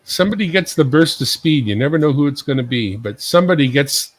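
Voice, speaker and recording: A man hosts a casual live stream with a bouncy, lively voice that rises and falls a lot. He jokes and teases himself as he chats along. The sound is dry and close, with no room echo. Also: on the high side, fast talker. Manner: joking, self-mocking, chatty. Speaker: livestream host.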